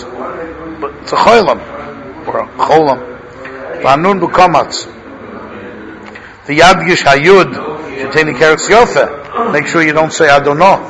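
A middle-aged man teaches a class, chanting lines of text and then breaking into relaxed English asides. His voice sits a little high. The recording carries the clear murmur of a room full of students. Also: low-quality recording. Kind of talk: Torah class, reading and explaining text. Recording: class recording with audience noise.

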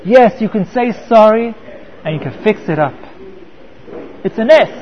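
A man's voice: high voice, lively intonation, unhurried, dull audio, a little hiss or hum. A man teaching a Torah class, often repeating words and mixing in Hebrew terms.

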